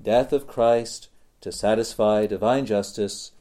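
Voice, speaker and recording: Slow, low-voiced male preacher. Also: mellow. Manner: slow, deliberate preaching with repeated phrases. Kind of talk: sermon.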